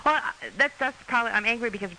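A young woman calling in to a radio advice show, speaking hesitantly with many pauses and fillers. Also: fairly high pitch, bright, forceful tone, a little hiss or hum, poor audio. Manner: hesitant, halting, many ums. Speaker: caller.

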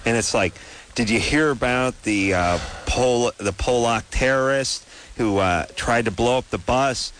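A man hosting a late-night radio call-in show, riffing sarcastically and rambling through jokes with quick asides. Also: mid-range voice, fairly bright tone, slight background noise, rough recording.

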